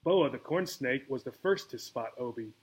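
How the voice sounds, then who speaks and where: A man's voice: medium pitch, lively intonation, normal speed, breathy edge. Man reading a children's book aloud. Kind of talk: storybook read-aloud.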